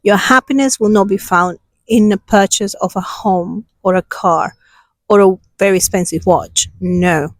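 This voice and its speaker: Slow, soothing spiritual woman. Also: mid-range voice, fairly even intonation, no room sound, rough recording. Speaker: self-healing channel host. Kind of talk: guided meditation then spiritual talk. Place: outdoors with passers-by.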